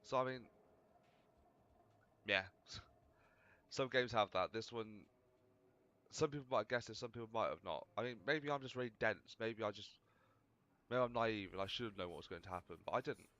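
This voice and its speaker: A man's voice: fairly low pitch, moderate pace, pauses often, a bit bright, highs cut off. A man casually commentating over his gameplay in a rambling, chatty, self-mocking way. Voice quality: slightly overdriven mic. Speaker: gaming video host.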